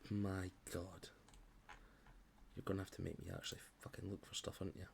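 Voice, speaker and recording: Laid-back low-voiced man game master. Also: flat delivery, a little fast, gravelly, a little hiss or hum. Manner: casual, apologetic, swears freely. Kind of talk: narrating a tabletop game.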